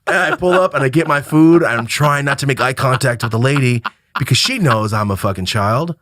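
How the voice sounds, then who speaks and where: A man in his thirties from Oregon, telling a profane, animated story as a podcast guest. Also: medium pitch, brisk, no room sound, studio quality. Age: 30s. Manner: animated, profane, breaks into loud excited outbursts.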